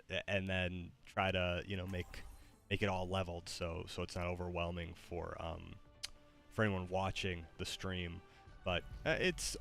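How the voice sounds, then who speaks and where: Low, bright-toned male streamer. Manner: chatty, halting, with fillers and restarts. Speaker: game streamer. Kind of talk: casual live-stream chat.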